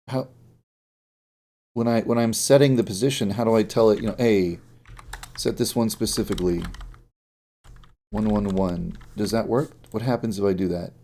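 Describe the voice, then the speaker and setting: A man's voice: mid-range voice, mellow. A sleepy man streaming as a game developer, muttering to himself while he works and throwing in jokey asides. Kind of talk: live-stream coding commentary.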